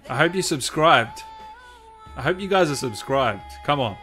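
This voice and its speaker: A man's voice: medium pitch, animated, normal speed, pushed and bright, faint music behind. A man hosting a livestream, upbeat and chatty, thanking viewers by name. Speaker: host. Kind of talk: livestream chat.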